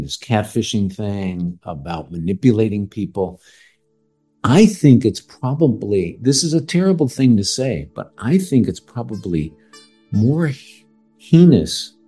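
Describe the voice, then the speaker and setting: A man talking as a doctor on a casual podcast, measured and earnest, pressing hard on key words. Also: on the low side, warm tone, slightly rough.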